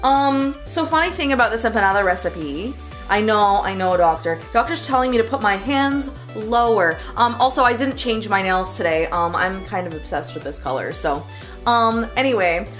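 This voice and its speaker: A woman's voice: medium pitch, animated, moderate pace, a bit bright, soft background music. A woman chatting and giggling through a casual cooking livestream, greeting her chat.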